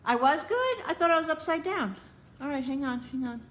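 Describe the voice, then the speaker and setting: A cooking show host with a high-pitched, animated, slightly bright voice talks briskly during a live stream from her home kitchen. Flustered, she mutters and frets to viewers while struggling to fix her camera, recorded on a phone or tablet camera mic.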